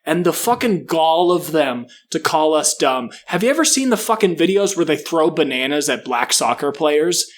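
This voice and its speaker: A man's voice: fairly high pitch, animated, normal speed, hardly any pauses. A man co-hosting a casual comedy podcast, ranting profanely and doing mocking impressions. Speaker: podcast co-host.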